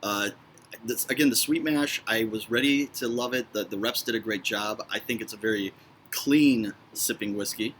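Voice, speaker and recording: A man's voice: on the low side, normal speed, fairly bright tone, slight background noise. A man with a Chicago accent, a guest on a casual whiskey review, talking in an enthusiastic, chatty way. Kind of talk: casual tasting review chat.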